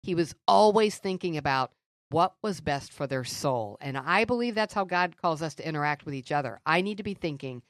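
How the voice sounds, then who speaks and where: Woman, low voice, lively up-and-down delivery, earnest storyteller, dry close sound. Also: fairly quick, dry recording. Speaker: podcast co-host. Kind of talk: faith-based conversational teaching.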